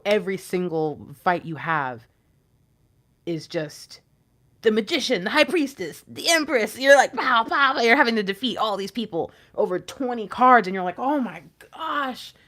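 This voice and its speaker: A woman giving an intuitive tarot reading, animated and playful, sometimes dropping into whispers. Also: fairly low pitch. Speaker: tarot reader.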